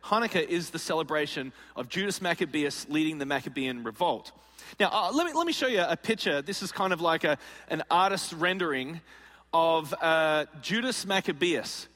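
A male pastor preaches a sermon with a high, bright voice and acts out little scenes with humor. His speech rings through a large church hall with a long reverb. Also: normal speed. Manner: animated and jokey, acts out scenes.

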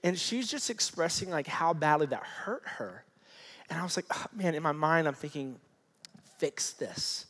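A man delivers a sermon in a relaxed, conversational manner, with plenty of "like" and "you know" as he tells stories. His voice sits a little high for a man. It rings out with the long reverb of a large church hall. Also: normal speed. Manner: conversational, animated storytelling with many fillers. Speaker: pastor.

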